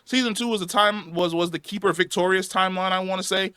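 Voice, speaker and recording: A man's voice: high voice, fairly even intonation, fast talker, sharp tone, clean tone, no echo, studio quality. A man reviewing a show in a heated, angry rant, swearing and repeating himself for emphasis, his voice wearing out. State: losing his voice.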